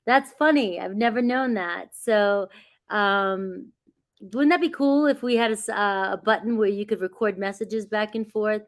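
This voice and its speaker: A woman's voice: mid-range voice, measured pace. A woman doing a casual livestream as a tarot reader, chatty and reassuring, greeting viewers by name and laughing often. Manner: reassuring, grounding spiritual guidance.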